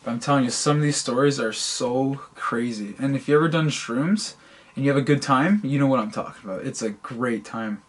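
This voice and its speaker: A man's voice: medium pitch, a little fast. A man co-hosting a casual podcast, telling stories and often stammering and repeating his words. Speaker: podcast co-host. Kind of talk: casual storytelling chat.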